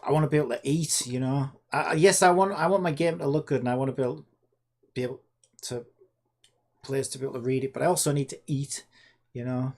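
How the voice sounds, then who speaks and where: Rambling sarcastic guy, gravelly. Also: medium pitch, fairly even intonation, quick pace, darkish tone. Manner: rambling, sarcastic, talks to himself. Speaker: indie game developer. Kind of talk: casual screen-recorded dev vlog.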